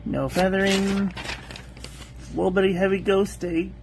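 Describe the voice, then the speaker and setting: A soft-spoken woman runs her calligraphy channel, working through an ink test at an unhurried pace. Her voice sits in a middle pitch and stays gentle and methodical from one note to the next. A faint hiss sits under her voice. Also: fairly even intonation, vocal fry. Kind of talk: calm ink-on-paper test review.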